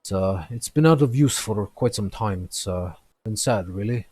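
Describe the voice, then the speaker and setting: A man's voice: fairly low pitch, animated, normal speed, a little mellow, breathy edge. A man voicing a friendly red-skinned male genasi blacksmith who greets customers politely at his shop counter. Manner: welcoming, polite shopkeeper.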